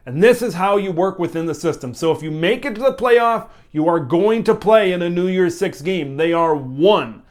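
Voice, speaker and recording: A man's voice: sits high, normal speed, few pauses. A young man hosting a college football opinion vlog, talking casually and emphatically, hammering home his points. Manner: animated, emphatic, repeats key points.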